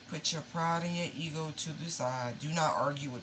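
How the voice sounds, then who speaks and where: A woman's voice: sits low, moderate pace, noisy background. A woman giving a casual tarot reading, emotional and pleading, swearing freely and calling her listeners y'all. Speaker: tarot reader.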